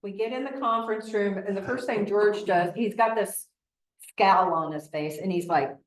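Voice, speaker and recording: A Midwestern American woman leads a training class, her voice at an ordinary middle pitch. She tells stories in a chatty, animated way and acts out what people said. The sound carries the echo of a roomy classroom. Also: normal speed. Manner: chatty, animated storytelling with acted-out quotes. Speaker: real estate trainer. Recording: echoey room.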